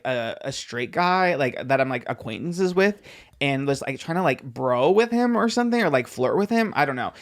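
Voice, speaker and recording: A young man co-hosting a podcast, telling a story in a relaxed, rambling way. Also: on the high side. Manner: laid-back storytelling, many fillers. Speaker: podcast co-host. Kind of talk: casual chat.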